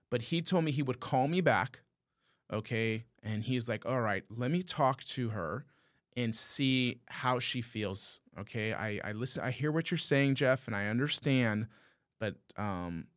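Animated male podcaster telling a story. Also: mid-range voice, dry recording, clean studio sound. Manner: animated storyteller, frequent "okay?" asides. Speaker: podcast co-host. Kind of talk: casual storytelling.

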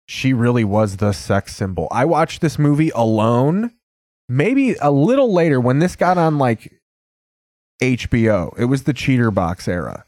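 A man's voice: mid-range voice, very animated, a little slow, darkish tone, no echo, studio quality. Rambling man reacting to a film. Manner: rambling, offhand, anecdotal. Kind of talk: casual film commentary.

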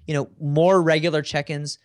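A man's voice: fairly high pitch, level tone, moderate pace, clean tone, no room sound, clean studio sound. A man in a casual interview, telling work stories in a conversational way with frequent fillers. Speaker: guest.

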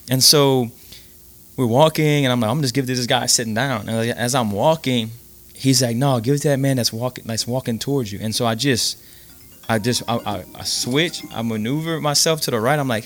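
Casting note: male podcast guest, mid-pitch, animated storyteller who stumbles and restarts. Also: a little fast. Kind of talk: casual storytelling.

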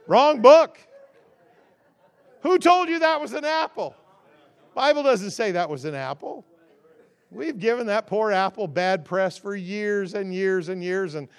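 A man preaching as a guest, stacking rhythmic contrasts that swell loud and then dropping into a relaxed, conversational and humorous storytelling tone. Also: clear, resonant tone. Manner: rhythmic call-and-response contrasts, rising to loud emphasis then dropping low. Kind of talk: sermon.

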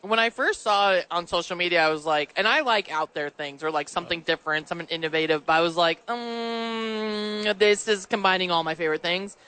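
A woman's voice: lowish voice, brisk, few pauses, pushed and bright, clear, resonant tone. A woman co-hosting live sports radio from a ballpark table, upbeat and gushing, full of slang.

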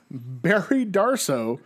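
A man co-hosting a casual podcast, recapping old wrestling shows as an animated storyteller who laughs often. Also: on the high side, drawn-out words. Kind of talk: casual chat.

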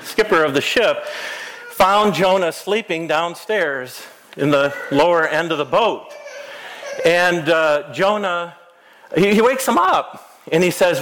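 In a church sanctuary, a playful pastor leads children's story time, an interactive children's sermon, his voice a touch high and fairly bright. He coaches the kids through acting out each scene, giving quick directions and asking questions. The recording is low quality.

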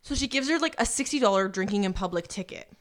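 A young woman chatting casually with friends, telling an animated story and acting out what people said. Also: mid-range voice, quick pace. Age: young adult. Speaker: friend in group chat. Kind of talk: casual chat among friends.

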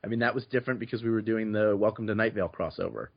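A man's voice: fairly low pitch, racing, slightly rough. A man, a podcast host, telling stories in casual chat, with frequent restarts and repeated words. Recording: slightly muffled audio.

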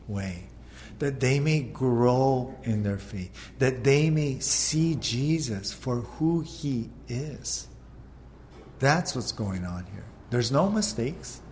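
A man preaching a sermon, telling the story with energy and acting out the disciples' frantic shouts. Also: mid-range voice, a little hiss or hum. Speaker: pastor.

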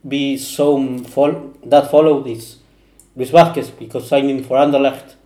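Guy on a footy podcast, warm low-key tone, echoey room, lots of uhs. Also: fairly even intonation, measured pace. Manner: hesitant, searches for words. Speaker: podcast panelist. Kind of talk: casual football chat.

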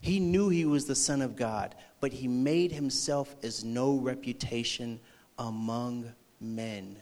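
A man preaching a sermon, acting out a movie scene with energy before turning slow and earnest. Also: mid-range voice. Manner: slows and softens into earnest preaching. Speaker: youth pastor.

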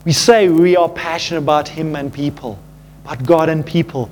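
A man preaching a sermon as pastor, earnest and animated, calling his listeners folks and dropping low and quiet at tender moments. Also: normal speed, a little hiss or hum.

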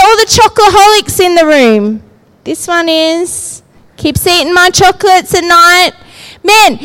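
A woman preaches with a very high voice, taking her time over her words. Her delivery is conversational, and she keeps checking in with the room as she goes. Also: fairly bright tone, low-quality recording. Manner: conversational, often checking in with the listeners. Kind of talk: sermon.

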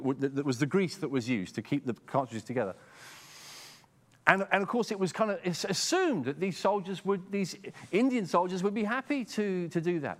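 Middle-aged man, English accent, sermon, chatty, restarts sentences, slightly high voice. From England. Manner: conversational, repeats words when starting sentences. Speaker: preacher.

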